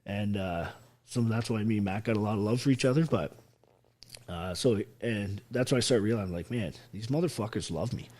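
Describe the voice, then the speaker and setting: Man, lowish voice, profane, blunt, acts out quotes. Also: brisk, darkish tone. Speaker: guest, army veteran. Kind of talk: emotional storytelling on a podcast.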